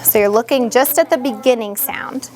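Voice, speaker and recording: A woman teacher in a classroom, patiently guiding young students and sounding out words slowly. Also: a little high.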